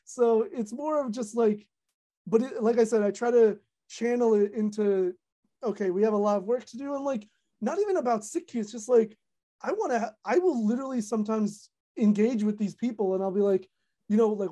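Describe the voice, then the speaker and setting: Young adult woman, content creator guest; chatty, filler-heavy, animated, mellow relaxed timbre. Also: medium pitch, brisk. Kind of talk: casual podcast chat.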